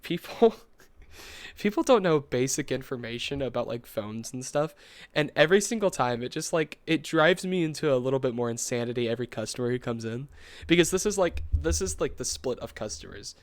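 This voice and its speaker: A young man co-hosting a podcast, telling a story in a rambling, animated way, full of fillers and quick laughs. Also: medium pitch, no echo. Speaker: podcast co-host. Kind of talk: casual storytelling chat.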